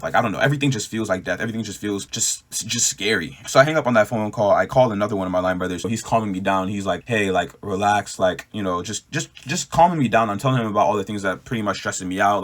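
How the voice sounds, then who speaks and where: A man's voice: lowish voice, a bit bright. A young man giving a personal faith testimony in a casual, rambling way, full of fillers and retold inner dialogue. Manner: rambling, fast, filler-heavy; earnest, shaken retelling. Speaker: testimony speaker.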